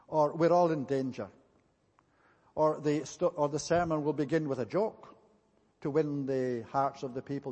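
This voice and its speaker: A man delivers a sermon in a slightly husky, fairly high voice. He is earnest and emphatic, leaning on repeated phrases for stress. His voice rings out with a long reverb, as if in a large hall. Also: darkish tone. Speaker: preacher.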